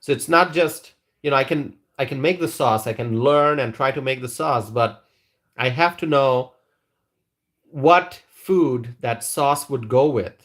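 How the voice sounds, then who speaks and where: A man's voice: medium pitch, measured pace, fairly bright tone. A man hosting a live stream, chatting casually with viewers and reading their comments in a rambling, hesitant way. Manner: rambling, hesitant, with frequent restarts.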